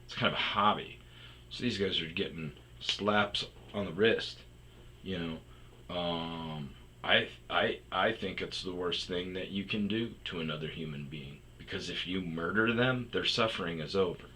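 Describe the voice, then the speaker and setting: A man's voice: deep voice, a little slow, bright, forceful tone, slight background noise, rough recording. A man telling a rambling, profane personal story in a casual monologue, with many restarts and fillers. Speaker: storytelling podcaster.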